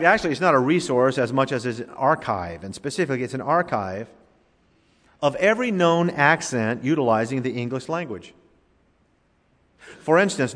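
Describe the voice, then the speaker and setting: A male pastor delivers a sermon at a mid pitch. He builds to forceful peaks, then drops to hushed, slow phrases, and asks rhetorical questions. His voice rings out with the long reverb of a large hall. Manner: preaching with rising and falling emphasis, rhetorical questions.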